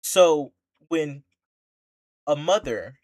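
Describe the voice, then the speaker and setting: Here the streamer speaks very slowly in a mid-range voice that's animated yet a little mellow. It's still an angry, impassioned reaction rant, with indignant rhetorical questions and emphatic lines said again and again.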